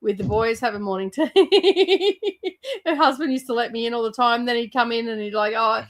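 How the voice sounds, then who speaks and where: A woman's voice: a little high, normal speed. A woman, telling stories in casual chat as a host, swearing freely and laughing as she talks. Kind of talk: casual livestream storytelling.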